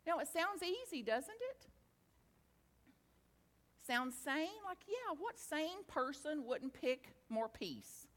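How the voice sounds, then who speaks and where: A woman speaks to a gathered audience with a high, bright, very lively voice that swoops up and down. She takes her time with her words, teasing and playful one moment, quiet and reflective the next. A long reverb hangs on her voice, as in a large hall. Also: slight background noise. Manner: slows into hushed guided reflection. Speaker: spiritual teacher. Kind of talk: talk to a live audience.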